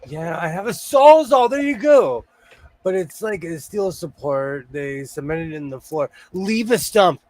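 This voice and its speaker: A host with a fairly high, slightly mellow voice leads a loose, casual chat from his sewing room at home, sounding at ease. He's animated yet unhurried, pausing little as he rambles between stories and keeps cracking jokes.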